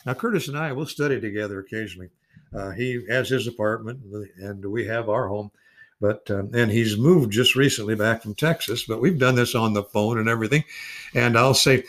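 A man in his eighties leads an informal Bible study in an earnest, rambling way, restarting sentences and repeating words. He stretches out key words of Scripture for emphasis, speaking at medium pitch and normal speed.

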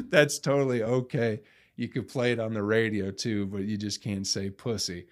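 A man's voice: on the low side, expressive, a little slow. Foul-mouthed ranting podcast host man. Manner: profane, ranting. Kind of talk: casual comedic rant.

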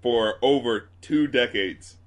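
A man co-hosting a music podcast as a critic, excitable and swearing freely, laughing often. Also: mid-range voice, slow. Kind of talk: casual chat.

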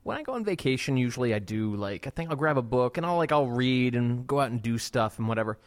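A man's voice: medium pitch, expressive, fast. A man with a medium voice, chatting loosely on a podcast. He rambles through fillers and restarts at an easy, unbothered pace. His tone stays casual throughout. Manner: rambling with fillers, laid-back. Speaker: podcast co-host. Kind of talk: casual chat.

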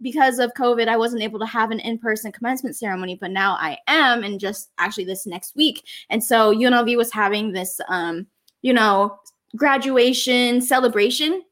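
A bubbly young woman in her twenties with a fairly high voice, chatting as a guest on an interview show. She laughs often and acts out the people in her stories. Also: a little fast, a bit bright. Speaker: guest, social media creator. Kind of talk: casual interview chat.

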